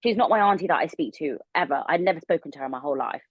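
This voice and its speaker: A young woman telling a long story as a podcast guest, rambling and animated with plenty of fillers. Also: low voice, racing, breathy edge, no room sound, lo-fi sound. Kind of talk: casual storytelling interview.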